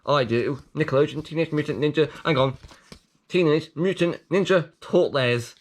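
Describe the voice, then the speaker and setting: A man hosting a video, reading a leaflet aloud with jokey commentary, playful and prone to sudden excited outbursts. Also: on the high side, normal speed. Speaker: video host.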